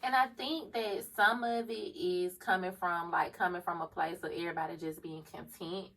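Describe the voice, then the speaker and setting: Woman, lowish voice, reflective casual chat, laughs often, a bit off-mic. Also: steady tone, normal speed, gravelly, fairly bright tone, recorded from a distance, low-quality recording. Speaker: podcast co-host.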